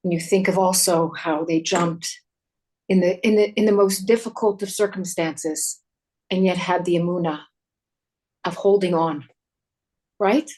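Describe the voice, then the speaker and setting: A woman host chatting with her guest after a talk, responding warmly and thinking aloud. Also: fairly low pitch, fairly even intonation, a little slow, long pauses. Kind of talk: casual chat.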